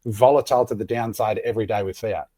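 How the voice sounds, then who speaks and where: Male host, warm low voice, casual storyteller. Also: steady tone, fast, no room sound. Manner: storytelling, acts out quoted exchanges. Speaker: podcast host. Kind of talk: casual podcast chat.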